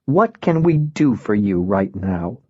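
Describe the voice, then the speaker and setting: A man's voice: very animated, slow, slightly rough, dry recording, muffled recording, exaggerated voice. A man voicing an anxious middle-aged mother who worries about her son on the phone. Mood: worried. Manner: anxious, raised pitch.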